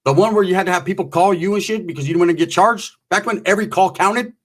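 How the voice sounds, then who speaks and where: A man spins a crude street story in a loose, rambling style, swearing freely and leaning on slang. His voice sits a bit higher than most men's. He drops into acted-out voices for the people in the tale. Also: quick pace. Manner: profane, rambling, slangy, acts out quoted voices. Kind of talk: casual crude anecdote telling.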